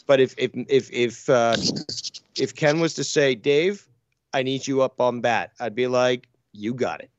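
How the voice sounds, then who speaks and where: In a middle register at a measured pace, a man co-hosts a live comedy call-in show, bantering loosely and rambling. He trails off, hesitates and restarts, swearing through each thought, and the recording is dry and muffled with no room sound at all.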